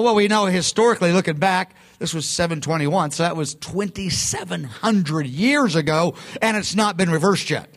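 A man's voice: high voice, moderate pace, few pauses. A man preaching a sermon in a conversational, emphatic way, often breaking off and restarting his sentences. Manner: conversational, emphatic, self-interrupting. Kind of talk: sermon teaching.

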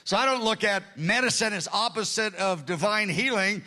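A man's voice: lively intonation, moderate pace, sharp tone. A man in his sixties preaching a sermon to his congregation, earnest and conversational, with a voice that tends toward strain. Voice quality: voice prone to strain. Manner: earnest, conversational preaching with sudden rises in pitch. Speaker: pastor.

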